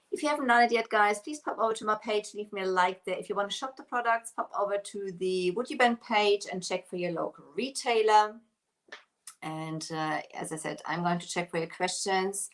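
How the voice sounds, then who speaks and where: A woman who owns a craft shop, hosting a casual live stream. She talks while she works and thanks her viewers by name. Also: mid-range voice. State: out of breath.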